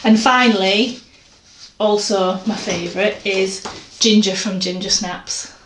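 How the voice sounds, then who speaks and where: A chatty woman talks casually at home, wandering from thought to thought and poking fun at herself. Her voice sits at an ordinary middle pitch. It bounces around a roomy space, with a faint hiss underneath. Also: fairly even intonation, slow pace. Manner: chatty, rambling, self-deprecating. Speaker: artist vlogger. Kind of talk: casual chat. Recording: echoey room, faint noise.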